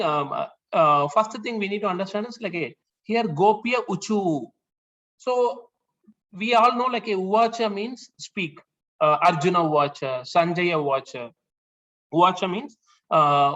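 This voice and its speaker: A man leading a scripture class, explaining the verses slowly with many fillers and restarts. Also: sits high, fairly bright tone. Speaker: class leader. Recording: dull lo-fi sound.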